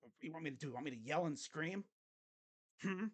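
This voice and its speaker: A man with a high-pitched voice hosts a casual sports livestream from his home setup, talking into a desk microphone. His tone is grumbling and sarcastic, and he swears offhandedly as he chats. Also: lively intonation, a little fast.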